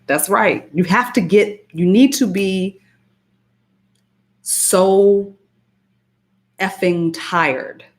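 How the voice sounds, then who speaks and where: A woman's voice: medium pitch, extremely slow, pauses often. A woman giving emphatic spiritual self-help advice on a live stream, repeating phrases and greeting viewers by name. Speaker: spiritual coach and hypnotist.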